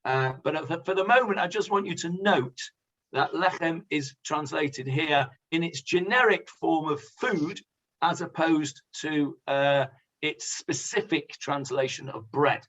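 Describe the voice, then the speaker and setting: A man, a rabbi, leading a conversational Bible class, pausing with many fillers and asking the class questions. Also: on the high side, fairly bright tone. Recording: dull lo-fi sound.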